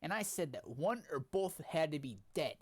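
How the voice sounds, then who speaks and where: Guy reading as a scheming crime boss type, flat and matter-of-fact, slightly raised voice. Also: on the high side, normal speed, voice pushed up. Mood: curt. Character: cold scheming male crime planner.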